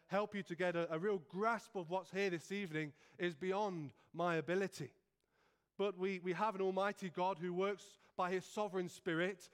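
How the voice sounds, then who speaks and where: A nervous male preacher gives an evening sermon into a stand mic. His voice is high for a man and notably clear and resonant. He talks earnestly and humbly and often restarts his phrases. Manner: earnest, self-effacing, with frequent restarts.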